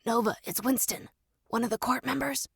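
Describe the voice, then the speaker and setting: A woman narrator voicing an impatient, sarcastic male court member who speaks in a dry, brisk way. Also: on the high side, creaky, slightly rough, dry recording, full character voice.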